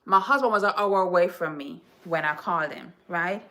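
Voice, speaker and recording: Bright-voiced chatty woman from Jamaica. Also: on the low side, moderate pace. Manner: animated, chatty, dramatic storytelling. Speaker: home decor vlogger. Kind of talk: casual storytelling to viewers.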